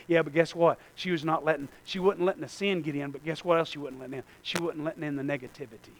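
A man preaching a sermon, folksy, calling out to the congregation and swinging from hushed asides to shouted lines. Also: a little high, steady tone, fast talker, few pauses, dry recording. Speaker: pastor.

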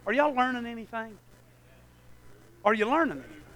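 A pastor delivers a sermon to his church in a strikingly high, bright voice. He swings between hushed, low asides and near shouting, calling out to the congregation as he goes. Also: lively intonation, a little fast.

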